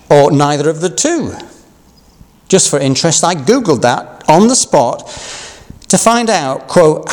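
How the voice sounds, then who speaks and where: Yorkshire-born preacher in a reverberant hall. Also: male voice, on the high side, a little mellow. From Yorkshire, England. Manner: measured, conversational preaching with asides. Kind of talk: Easter sermon with scripture reading. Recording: long reverb of a large hall.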